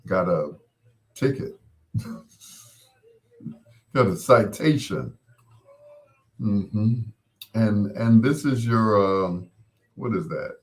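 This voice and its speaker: A man talking slowly but with lots of lift and fall in his voice. He tells a casual story, laughs often, and acts out the people in it. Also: on the low side, expressive. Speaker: host.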